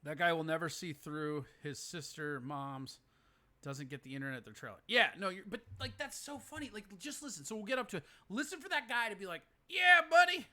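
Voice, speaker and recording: Man, high bright voice, incredulous podcast host, swears and laughs. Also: a little fast. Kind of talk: casual commentary on a viral video.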